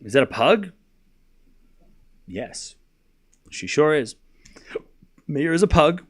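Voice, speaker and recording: A man calling a tennis match live for his stream viewers, giving quick play-by-play and chatting with viewers and his pet dog between points. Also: on the high side, very animated.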